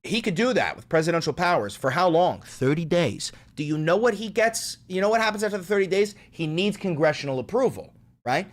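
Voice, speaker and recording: A man's voice: high-pitched, a little fast. Profane ranting male commentary host. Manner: profane, sarcastic, animated ranting.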